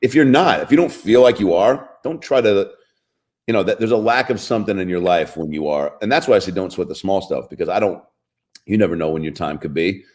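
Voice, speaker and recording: A man from Seattle, a comedian guest on a radio show, telling a rambling story in a deadpan way. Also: low-pitched. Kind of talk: casual radio chat, storytelling.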